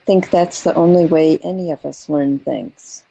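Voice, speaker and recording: Slow, mellow-voiced woman. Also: low voice, creaky, breathy edge, poor audio. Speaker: guest. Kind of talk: casual video chat.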